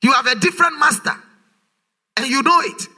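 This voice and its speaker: A man's voice: very high-pitched, fairly quick, sharp tone. A man preaching a sermon, emphatic and full of rhetorical questions, his voice rising in a sing-song way. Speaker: pastor.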